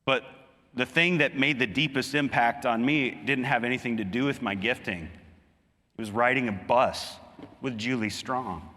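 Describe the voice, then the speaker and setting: A man delivers an earnest sermon in a bright, forceful voice. He presses his points by pushing higher and louder. The sound carries a long reverb, as in a big hall. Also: normal speed. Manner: earnest preaching, rising emphatically on key points. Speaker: pastor.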